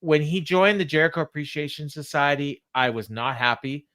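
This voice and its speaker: A man co-hosting a wrestling recap podcast in casual chat, laughing often and filling pauses with "uh". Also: fairly high pitch, fairly bright tone, dry recording, studio quality. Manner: chatty, laughs often, many fillers. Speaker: podcast co-host.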